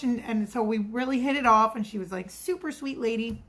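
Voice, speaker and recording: Middle-aged woman, chatty confessional vlog, higher-pitched, rambling storyteller. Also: fairly quick, a bit bright. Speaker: vlogger.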